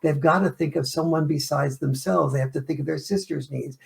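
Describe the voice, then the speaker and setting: Gravelly man explaining at length. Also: a little high, a little fast. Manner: explanatory, illustrates points with acted-out family scenes. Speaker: author and interview guest. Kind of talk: interview answers.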